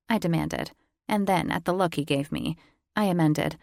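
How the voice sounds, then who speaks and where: A woman narrates a first-person romance audiobook at normal speed, teasing and intimate, in a somewhat low, darkish voice with gravelly fry at its edges. It's a close, dry recording without echo.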